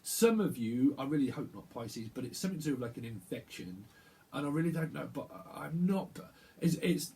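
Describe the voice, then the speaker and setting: During a channeled tarot reading, this man rambles and halts, often repeating words as messages come to him. His medium-pitched voice is expressive and gravelly, with a darkish tone.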